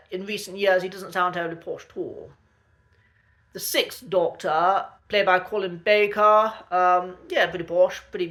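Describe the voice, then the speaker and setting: Male accent coach, casual lesson delivery, bright tone, hesitant and polite. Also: high-pitched. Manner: hesitant, with frequent ums and uhs and restarts; polite, measured and chatty. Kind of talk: casual spoken lesson to camera.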